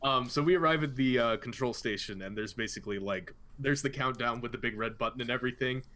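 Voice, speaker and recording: A man's voice: medium pitch, fast, sharp tone. A man playing in a tabletop game, describing his character's action scenes in a rambling, casual way full of fillers. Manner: rambling, lots of "like" and "um". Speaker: player.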